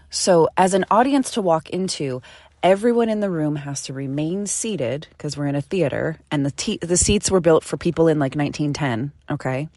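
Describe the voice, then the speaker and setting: A woman with a low, grounded voice tells a personal story in a loose, animated, conversational way, swearing now and then. The sound is close and dry, with no room around her. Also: no room sound. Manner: animated, chatty, swears casually. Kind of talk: casual storytelling.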